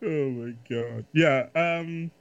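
A man's voice: on the high side, slow pace, vocal fry. Wry, swearing man on a dull mic. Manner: wry, swearing, laughs through his sentences. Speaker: podcast co-host. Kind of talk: casual chat.

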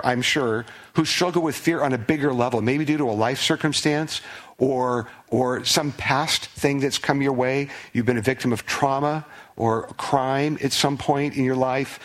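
A man preaching a sermon as pastor, earnest, often repeating words as he restarts. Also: mid-range voice.

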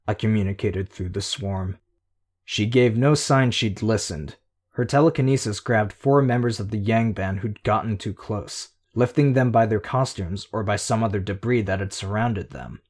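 Low-voiced male audiobook narrator. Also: darkish tone, slightly rough. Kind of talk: first-person audiobook narration.

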